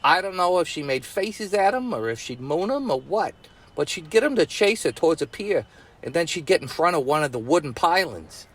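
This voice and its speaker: A Brooklyn-accented man spinning a tall tale for his nephew. His voice sits a little high for a man and rises and falls a lot as he talks. He tells it folksy and chatty, with loose grammar and chuckling asides. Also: very animated, a little fast, a bit bright, slightly rough. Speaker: storyteller uncle. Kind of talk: bedtime-style storytelling.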